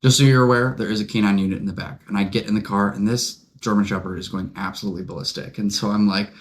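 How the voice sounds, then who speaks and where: A man's voice: lowish voice, fast, slight background noise. A young man co-hosting a podcast, telling a long anecdote in casual chat with lots of fillers. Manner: rambling, animated anecdote-telling with many fillers. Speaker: podcast co-host.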